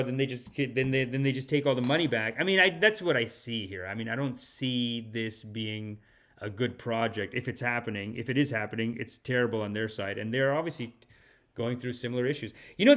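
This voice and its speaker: A man hosts a comedic podcast monologue, rambling and animated, and now and then he slips into a mock spiritual-guru sales pitch.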